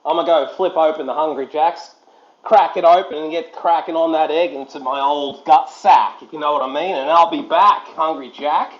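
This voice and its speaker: Excitable Australian man in his thirties. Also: fairly high pitch, normal speed, echoey room, muffled recording. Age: 30s. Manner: broad, rambling and excitable with slangy banter. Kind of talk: joking chat with a voice assistant.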